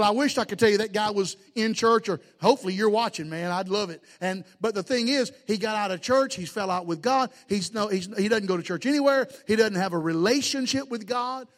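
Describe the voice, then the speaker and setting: A man preaching a sermon as pastor, folksy and emphatic, with lots of repetition. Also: sits high. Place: church sanctuary. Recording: long reverb of a large hall.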